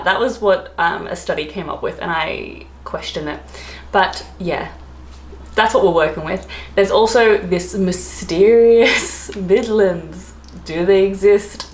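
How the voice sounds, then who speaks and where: An Australian woman vlogging in casual chat, rambling with lots of fillers and asides. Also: on the low side. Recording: echoey room.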